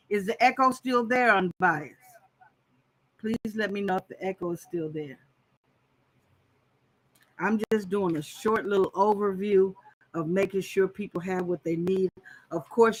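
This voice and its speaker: A woman's voice: mid-range voice, low-quality recording. A woman hosting a casual live-stream quilting tutorial, chatting straight to her viewers as she goes.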